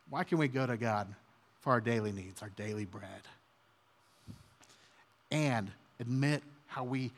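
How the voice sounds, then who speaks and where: A man in his thirties preaching an earnest, conversational sermon as a pastor. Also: on the high side. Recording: long hall reverb.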